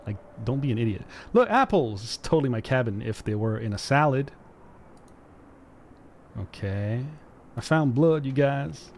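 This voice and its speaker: A man's voice: mid-range voice, moderate pace, pauses often, a little mellow. A man from Quebec jokes his way through a game, talking to his chat and reacting to what he finds. His voice sits in a middling range, with a faint ambient hum behind him. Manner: joking, reads game text aloud in dramatic voice. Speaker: gaming streamer. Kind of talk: casual let's-play commentary.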